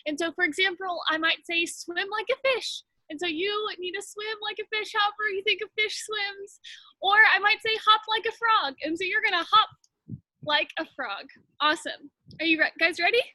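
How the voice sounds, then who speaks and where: High, bright-voiced woman leading kids. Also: steady tone, brisk, no echo. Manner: cheerful, calling out moves with little laughs. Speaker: children's ministry teacher. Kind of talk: leading a kids' movement game.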